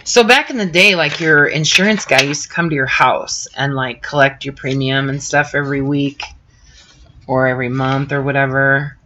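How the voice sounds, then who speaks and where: A woman's voice: very deep voice, normal speed, pushed and bright, highs cut off, slight background noise. A middle-aged woman host chatting casually and rambling with lots of fillers while crafting on a live stream. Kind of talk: casual chat with live viewers.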